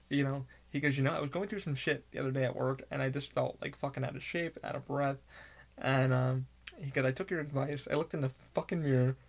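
A man's voice: mid-range voice, gravelly. A man hosting his own podcast, talking candidly and rambling in a casual monologue, swearing often and laughing now and then. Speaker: podcast host.

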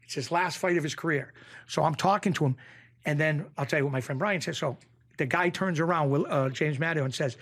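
A man's voice: fairly high pitch, fairly quick. Rambling man telling a story. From Springfield, Massachusetts. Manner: rambling, animated, full of restarts and acted-out lines. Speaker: guest, former mob associate. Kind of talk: casual storytelling.

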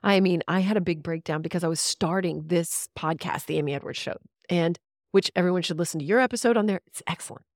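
A woman's voice: lowish voice, fast, no room sound, studio quality. Candid, swearing woman on a podcast. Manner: candid, ranting, laughs often, swears. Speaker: podcast guest. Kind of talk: casual podcast conversation.

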